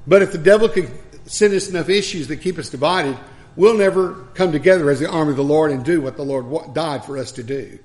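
A man's voice: a little high, fairly quick, a little mellow. A man preacher delivering a sermon, telling stories with chuckles and asides.

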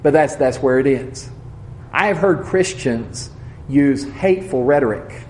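A man preaching a sermon as a Bible lesson, measured and earnest, slowing on key words and dropping soft at the ends of his points. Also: mid-range voice, animated, roomy sound, slight background noise.

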